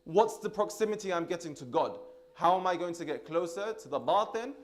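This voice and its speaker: A man's voice: on the high side, lively intonation, normal speed. A man giving a sermon, asking rhetorical questions, checking in with "correct?", and weaving Arabic religious terms into English. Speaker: speaker at a religious gathering.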